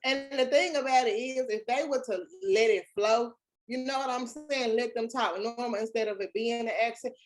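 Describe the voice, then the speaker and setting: A young woman with a Southern US accent co-hosting a casual chat, talking in an animated, emphatic, slangy way. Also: on the high side, normal speed. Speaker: podcast co-host.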